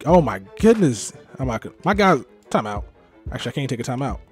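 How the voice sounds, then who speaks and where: A man's voice: mid-range voice, very animated, fast, soft background music. Young man muttering over his game. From Texas. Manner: swings from muttering to frustrated yelling. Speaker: gaming YouTuber. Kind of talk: live gameplay commentary.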